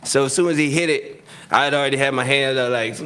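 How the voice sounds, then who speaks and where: A man telling football stories in a casual interview, acting out quotes loudly and laughing often. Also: medium pitch, fast, noisy background. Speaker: retired football receiver, guest.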